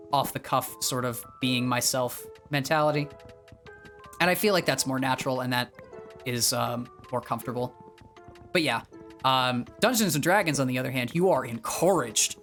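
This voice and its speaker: A young man from the northeastern US chats casually on his livestream and drifts from thought to thought. He fills his talk with ums and restarted phrases, at a middling pitch. Soft music plays faintly behind him. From northeastern US, near Boston. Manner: rambling, with many fillers and restarts. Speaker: streamer.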